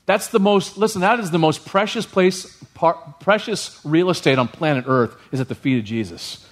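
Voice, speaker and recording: A male pastor giving a sermon in a lively, humorous way, often checking in with the congregation. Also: high voice, moderate pace, slightly rough.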